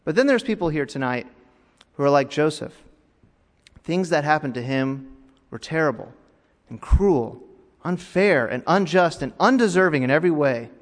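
Dramatic preacher, swinging hushed to raised. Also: male voice, fairly high pitch, expressive, moderate pace, long pauses, in a large hall. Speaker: pastor. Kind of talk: sermon.

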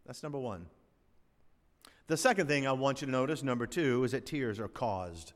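An older man preaching a sermon as pastor, rising loud on key phrases and falling to a hush, with folksy humorous asides. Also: medium pitch, lively intonation, normal speed. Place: church sanctuary. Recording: long reverb of a large hall.

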